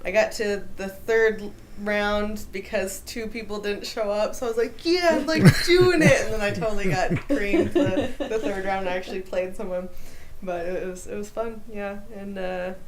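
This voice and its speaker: A chatty young woman from Texas cohosts a casual podcast. She is self-amused and slips into little put-on voices when she quotes people. A steady hiss sits under her mid-pitched voice. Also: normal speed. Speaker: podcast co-host.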